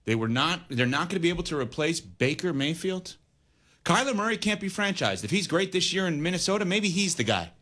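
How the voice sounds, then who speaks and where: A man's voice: a little high, very animated, a little fast, a bit bright. A man hosting a sports talk radio show, arguing his points emphatically and weighing both sides.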